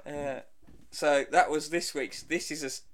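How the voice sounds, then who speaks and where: A man's voice: fairly high pitch, steady tone, a little slow, heavy background noise. A man co-hosting a comedy podcast, bantering in casual chat and giggling with mock exasperation. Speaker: podcast co-host and editor.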